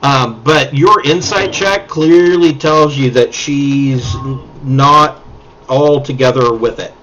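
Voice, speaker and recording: A man narrating as game master of a tabletop game in measured, descriptive narration. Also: medium pitch, a bit bright, dull audio.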